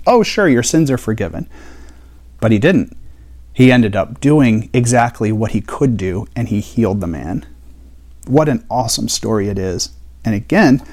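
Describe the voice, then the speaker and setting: A man's voice: mid-range voice, darkish tone. Male Bible teacher, mid-range voice, casual explanatory delivery with rhetorical questions.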